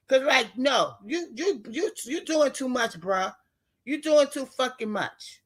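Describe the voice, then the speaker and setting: A woman's voice: sits high, animated, a little slow, fairly bright tone. A woman in her fifties ranting bluntly to her viewers in a casual, profane monologue. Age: 50s. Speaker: vlogger talking to her live viewers.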